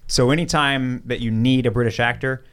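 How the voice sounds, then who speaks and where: A man's voice: mid-range voice, fairly even intonation, brisk, a bit bright, smooth. A man co-hosting a casual podcast, chatty, often restarting his sentences. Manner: chatty, stumbling over words. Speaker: podcast co-host.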